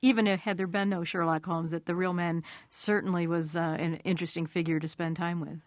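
A woman co-hosting a radio program asks thoughtful, long-winded questions. Her voice sits slightly low, and the studio sound is dry. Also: little pitch movement, a little fast, no room sound. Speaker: radio co-host. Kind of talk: radio interview.

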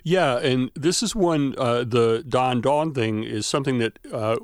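Speaking as a radio guest, this man, an academic who studies regional culture, explains things in a measured way with plenty of fillers. His medium-pitched voice is creaky, recorded in clean studio sound with no room noise.

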